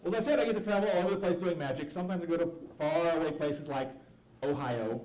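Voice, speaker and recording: A man's voice: on the high side, fast, darkish tone, a little hiss or hum. A man performing comedy gospel magic for kids, talking in a silly, playful, self-mocking way. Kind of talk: live stage comedy talk for kids. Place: church hall stage. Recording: echoey hall with music behind.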